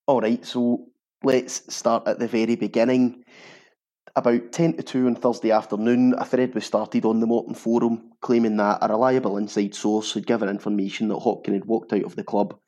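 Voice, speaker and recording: Low, mellow Scottish podcast host. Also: male voice, moderate pace. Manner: steady, reads statements aloud plainly. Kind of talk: scripted intro and casual football chat.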